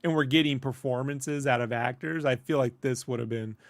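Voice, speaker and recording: A man co-hosting a casual review chat, animated and rambling, laughing often. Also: mid-range voice, brisk, dry recording. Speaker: podcast co-host.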